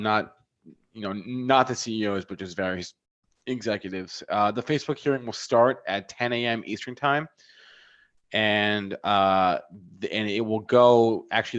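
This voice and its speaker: Low, halting market co-host. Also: male voice, fairly bright tone. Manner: hesitant, many fillers, reads numbers. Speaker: trading show co-host. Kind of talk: live market talk. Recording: dull lo-fi sound.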